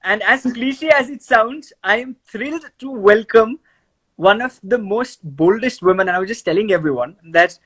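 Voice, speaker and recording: Husky Indian-accented male host. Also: high voice, moderate pace, a bit bright. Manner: effusive, repeats words and restarts often, laughs easily. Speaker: chat show host. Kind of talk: casual video-call interview.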